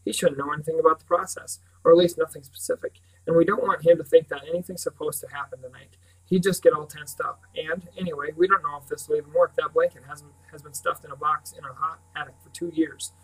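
A man's voice: a little high, steady tone, fast talker, hardly any pauses. Teen boy, devious but practical, matter-of-fact, read by a man, audiobook, mic at a distance. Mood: explaining. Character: teenage boy, scheming and practical.

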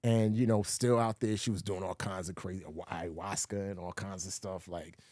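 A man on an interview show telling a long personal story, animated and full of fillers, acting out the voices of other people. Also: deep voice, fairly quick, dry recording, clean studio sound. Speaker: guest, former Navy SEAL and actor. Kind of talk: casual storytelling conversation.

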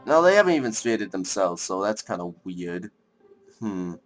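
A young man casually commenting on a strategy game as he plays, thinking aloud, rambling and breaking into excited outbursts, with faint music behind him. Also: fairly low pitch, moderate pace. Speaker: let's play gamer.

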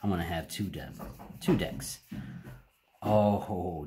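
Deep-voiced man hyping card pulls. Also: takes it slowly, background noise. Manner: excitable, chatty, talks straight to viewers. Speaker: card-opening channel host. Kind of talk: casual card-opening vlog. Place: home. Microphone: home camera setup.

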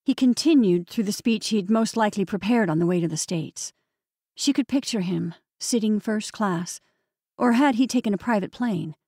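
A woman narrating an audiobook with an even, measured reading. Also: medium pitch, creaky, dry recording, studio quality. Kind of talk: scripted narration.

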